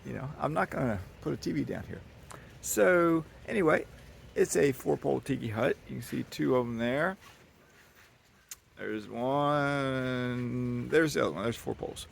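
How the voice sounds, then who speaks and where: A man with a strongly gravelly, creaky voice rambles folksily as he shows off his dock. He is recorded outdoors on a handheld camera while walking, with faint birdsong and light hiss behind him. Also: medium pitch, animated, unhurried. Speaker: vlogger giving a property tour. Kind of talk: casual walk-and-talk tour. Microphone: handheld camera carried while walking.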